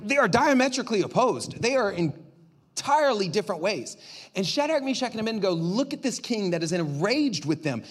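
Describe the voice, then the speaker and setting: Lively male pastor, sermon, high voice that leaps around, dramatic volume swings. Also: fairly quick.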